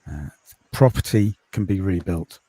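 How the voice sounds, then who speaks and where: A man from the UK, a podcast host and course creator, chatting in a quiet, calming voice with many ums in a casual interview over a video call. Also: deep voice, a little slow, slightly rough, dry recording. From United Kingdom.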